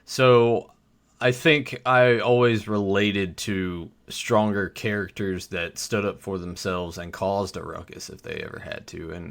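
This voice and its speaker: A man co-hosting a podcast, chatting casually about a movie in a hesitant, halting way. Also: lowish voice, a bit bright. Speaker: podcast co-host.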